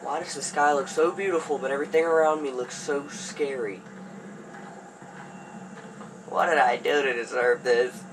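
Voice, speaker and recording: A man's voice: on the high side, fairly even intonation, brisk. A man commentating a horror game as he plays, jittery and panicky and talking to himself. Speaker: gamer. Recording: hum of background noise.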